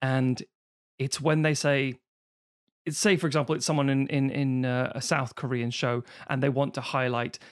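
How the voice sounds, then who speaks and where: A man's voice: medium pitch, flat delivery, moderate pace, clean tone. A British man in casual podcast chat, swearing freely and slipping into silly voices. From Britain.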